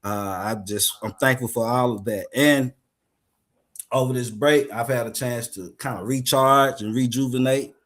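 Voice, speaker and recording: Man, panel guest, middle pitch, measured and reflective, lots of pauses. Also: fairly even intonation, fairly bright tone. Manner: measured, grateful, many "uh" pauses. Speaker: education consultant and panel guest.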